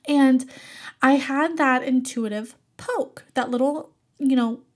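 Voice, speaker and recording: A young woman, an art teacher, telling a personal story in an expressive, animated way and laughing often. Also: high voice, takes it slowly.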